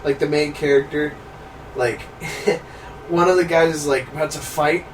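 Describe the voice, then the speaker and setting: Animated young man, slightly high voice. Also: measured pace. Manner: animated storyteller, laughs often, bursts into shouted impressions. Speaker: co-host. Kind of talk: casual movie commentary chat. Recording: noisy, distant room recording.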